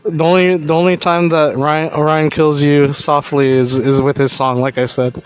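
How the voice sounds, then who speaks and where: A man hosting a casual interview, speaking in rambling, halting phrases and cracking cheesy jokes. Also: on the high side, flat delivery, smooth. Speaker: host.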